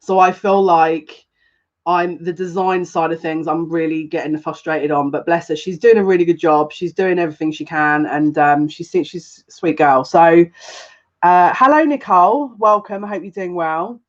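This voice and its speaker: A woman's voice: fairly low pitch, moderate pace, lo-fi sound. Chatty woman psychic on a live stream. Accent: noticeable accent, complimented by viewers. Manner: chatty, rambling, greets viewers by name. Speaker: psychic reader. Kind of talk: live-streamed chat with viewers.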